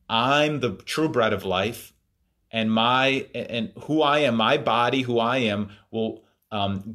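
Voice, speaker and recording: A man's voice: on the low side, a bit bright. Man preaching through a scripture passage. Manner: thoughtful, many fillers and restarts. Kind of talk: sermon, reading and explaining scripture.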